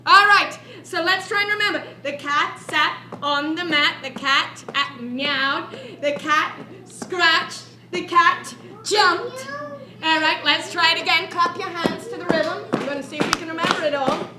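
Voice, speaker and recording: A woman's voice: very high-pitched, unhurried, bright, forceful tone. A woman storyteller leading children in an upbeat chanting memory game. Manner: upbeat, leads group chants and clapping. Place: library room. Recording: echoey room.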